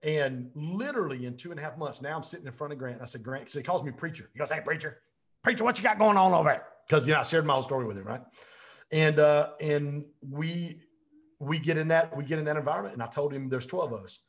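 A man's voice: fairly high pitch, fast talker. A man, a real estate business coach, telling his story as an interview guest in an intense, emphatic way and repeating phrases for weight.

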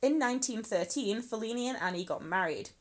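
A woman's voice: on the high side, expressive, brisk. A woman co-hosting a podcast, telling a true crime story in a chatty way, swearing freely and laughing often. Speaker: podcast co-host. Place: lives in Scotland.

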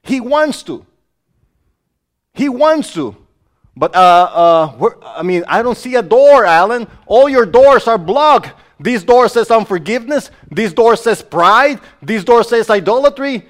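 A male pastor delivers a sermon in a noticeably high voice. He is emphatic and exclamatory and keeps speaking straight to his listeners. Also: big pitch swings, unhurried, long pauses.

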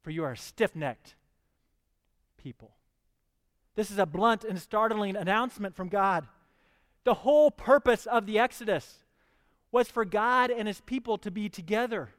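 Man, preacher, sermon, reads scripture then presses questions, high-pitched, reverberant hall. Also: normal speed, a bit bright.

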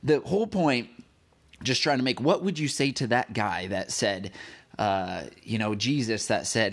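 A man's voice: on the low side, lively intonation, a little slow, a bit bright. A man hosting a devotional podcast, talking casually to the listener in a rambling way, with many fillers and restarts. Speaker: podcast host.

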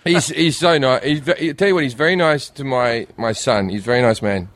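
A man's voice: mid-range voice, brisk, a bit bright. A middle-aged man from Australia telling rambling, laughing anecdotes in a casual chat, full of restarts. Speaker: comedian guest.

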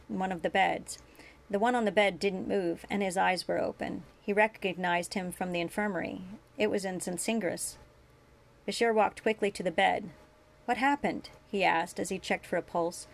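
Woman narrating with a gravelly voice. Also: medium pitch. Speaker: story reader. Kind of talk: reading fan fiction aloud.

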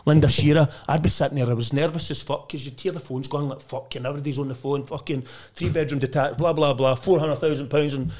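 A man's voice: fairly high pitch, steady tone, quick pace, few pauses, a little mellow. A Scottish man from Lanarkshire, an estate agent guest telling stories in a casual podcast chat, blunt and boastful and swearing constantly. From Lanarkshire, Scotland.

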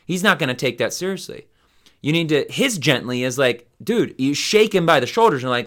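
A man's voice: fairly high pitch, big pitch swings, fast talker, fairly bright tone. A man hosting a Bible study podcast, teaching in a casual, rambling way with many fillers and restarts.

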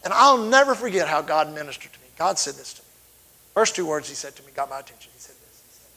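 Fervent preacher, higher voice. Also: male voice, very animated, fast talker, poor audio. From Texas. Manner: fervent storytelling with sudden loud swells and drops. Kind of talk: sermon.

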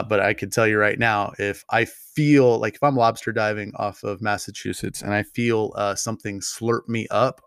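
A man's voice: lowish voice, creaky, a bit bright, no echo. Man, podcast host, rambling, profane, joking, dry close sound. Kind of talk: casual news commentary.

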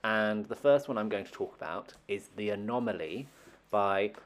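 A man co-hosting a casual book podcast, teasing his co-host and throwing in quick questions. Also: on the low side, lively intonation.

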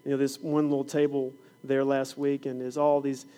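A clear, resonant mid-range voice at a moderate pace belongs to a middle-aged preacher who also teaches fifth grade science. His sermon is built on classroom stories, which he performs animatedly, acting out the scenes.

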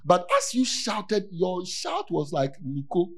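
A man preaching a sermon in an animated way, repeating key words and rising to near-shouts for emphasis. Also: sits high, slow pace, slightly rough.

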